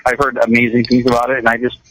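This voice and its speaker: A man's voice: medium pitch, completely flat delivery, very fast, fairly bright tone, rough recording. A man from California chatting casually on a radio show, rambling with lots of restarts and repeated words.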